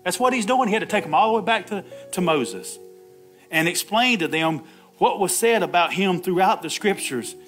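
A man's voice: high voice, lively intonation, moderate pace, a bit bright, soft background music. A man preaching an Easter sermon, laughing often, calling out "Amen" and acting out the Bible dialogue himself. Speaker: pastor.

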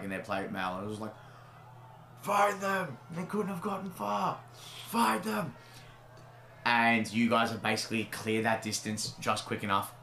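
A man's voice: fairly low pitch, pushed and bright, a little hiss or hum. A man narrating as game master of a tabletop game in a casual, filler-heavy way, in a roomy-sounding recording. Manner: casual, fast, lots of fillers. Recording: roomy echo.

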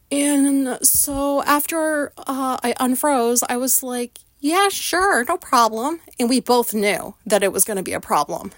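A woman tells a story straight to the camera in a loose, rambling monologue, swearing freely along the way. Her voice sits a little high. The sound is dry and close, with no room echo. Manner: candid, rambling, swears often. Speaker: vlogger.

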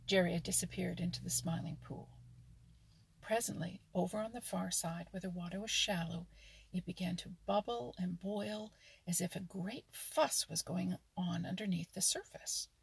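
A woman reading a children's animal story aloud in a calm, steady way. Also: fairly low pitch, normal speed, vocal fry, husky. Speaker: narrator.

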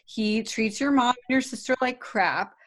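A woman's voice: on the high side, normal speed. A woman chatting casually as co-host, recapping a reality show in an exasperated, incredulous way.

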